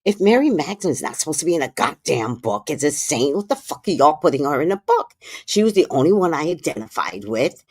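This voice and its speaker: A woman hosting a livestream, telling a story in a casual, animated way, with hushed asides and loud, profane outbursts. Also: deep voice, fairly quick, breathy edge, no echo, studio quality. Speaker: livestream host.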